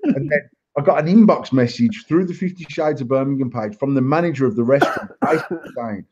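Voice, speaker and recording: A man's voice: medium pitch, quick pace, darkish tone, slightly rough. A man hosting a live show, telling crude stories in a blunt, boastful way and swearing constantly. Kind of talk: casual storytelling chat. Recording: dull lo-fi live stream audio.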